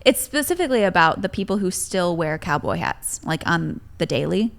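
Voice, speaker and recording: A woman's voice: lowish voice, very animated, normal speed, gravelly. A woman from Michigan, a guest on a comedy podcast, telling stories in a chatty, giggly way full of fillers. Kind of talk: casual comedic chat.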